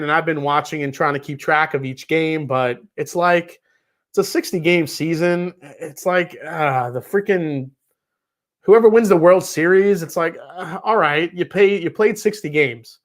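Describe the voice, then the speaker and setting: Casting: New York man, 30s, livestream host, slightly higher voice, loose and chatty, swears freely. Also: fairly bright tone. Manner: chatty, reads viewer messages aloud, swears casually. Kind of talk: casual livestream chat.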